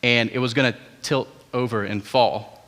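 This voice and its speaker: A young man preaching a sermon as pastor, telling family stories in a conversational, animated way with asides to the congregation. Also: mid-range voice, moderate pace. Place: large church auditorium. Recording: hall reverb.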